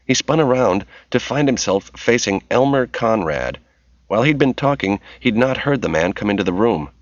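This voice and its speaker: A man narrating a novel as an audiobook in a steady, measured reading voice. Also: fairly low pitch, dry recording, highs cut off.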